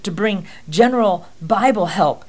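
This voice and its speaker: A man's voice: sits high, expressive, a little slow, a little mellow. A man teaching a ministry team how to pray for people, emphatic and repeating himself. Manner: emphatic, repeats "amen" and "first off".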